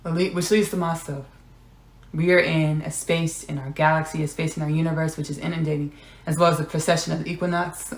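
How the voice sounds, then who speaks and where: A woman's voice: deep voice, level tone, a little fast, echoey room. A woman hosting a podcast, giving a spiritual channeling monologue, repeating her phrases and drifting into whispers. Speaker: podcast host.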